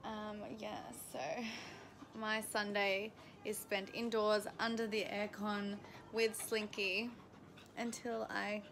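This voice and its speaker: A woman's voice: medium pitch, little pitch movement, slow, over music. A young woman in her twenties talking chattily to her camera at home in a casual vlog, laughing often. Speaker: vlogger. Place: at home indoors. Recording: noisy home camera recording.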